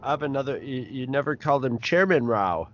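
A man co-hosting a podcast, chatting in a relaxed, jokey way with some hesitation. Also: mid-range voice, brisk. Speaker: podcast co-host. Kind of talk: casual chat. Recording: dull lo-fi recording.

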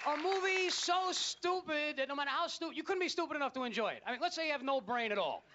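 Male stand-up, very high and frantic, lo-fi club tape, big crowd laughter and noise. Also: fast. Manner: ranting, incredulous, loud and animated. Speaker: stand-up comedian. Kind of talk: stand-up comedy routine. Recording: lo-fi live club recording with loud crowd. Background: audience laughter.

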